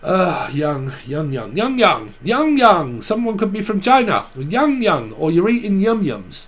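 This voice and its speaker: A man's voice: high-pitched, very animated, a little slow, hardly any pauses, fairly bright tone, slight background noise. A man with a Cockney accent giving a rambling tarot reading, riffing through names and word associations in a playful, swearing way. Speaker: tarot reader.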